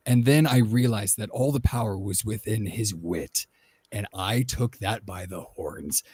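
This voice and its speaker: A man's voice: lowish voice, a little slow, husky, no room sound. Laid-back man telling stories, dry sound. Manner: relaxed, storytelling, enthusiastic. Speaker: voice actor on a panel. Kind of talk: casual panel talk.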